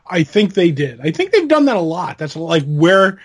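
A man co-hosting a casual comics podcast, chatting with a deadpan, joking manner. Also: on the high side, normal speed, slightly rough. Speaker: podcast co-host. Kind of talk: casual chat.

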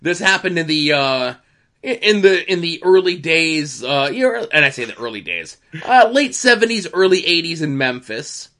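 A man's voice: fairly high pitch, moderate pace. A man telling wrestling backstage stories in casual podcast chat, with sly asides. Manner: animated storyteller, sly asides.

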